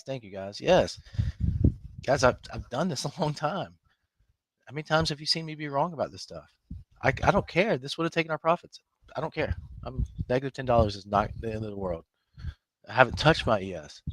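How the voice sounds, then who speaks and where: A man's voice: mid-range voice, no room sound. A man hosting a live trading room, talking emphatically to his viewers, scolding them and laughing often.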